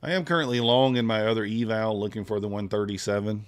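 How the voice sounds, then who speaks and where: Low-voiced laid-back male streamer. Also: steady tone, fast talker, clear, resonant tone. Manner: laid-back, thinking aloud, chatting with viewers. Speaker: futures trader streaming live. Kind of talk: casual live-stream commentary.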